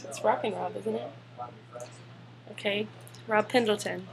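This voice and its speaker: Young woman, giggly and casual, mid-pitched voice. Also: measured pace, creaky. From Spartanburg, South Carolina. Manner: giggly, laughs between words. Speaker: vlogger. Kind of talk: casual chat reading a word list.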